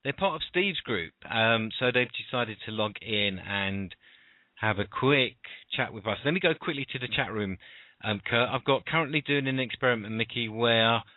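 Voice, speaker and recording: A man's voice: medium pitch, animated, normal speed, no room sound. A British man hosting an internet radio show, chatty and rambling, full of fillers and restarts. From United Kingdom. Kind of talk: casual internet radio chat. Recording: dry, phone-like call audio.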